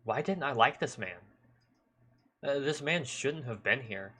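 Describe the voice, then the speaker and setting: Bright-voiced man narrating a story. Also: medium pitch, animated, slightly rough. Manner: measured narration with occasional stumbles. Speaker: streamer. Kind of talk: reading a visual novel aloud.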